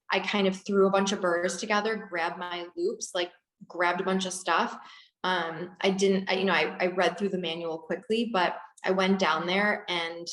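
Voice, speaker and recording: Lively woman dentist telling her story over a video call, lots of laughs, roomy echo. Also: on the low side. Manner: animated, laughing, acts out quoted people. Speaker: dentist guest. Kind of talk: storytelling in an interview.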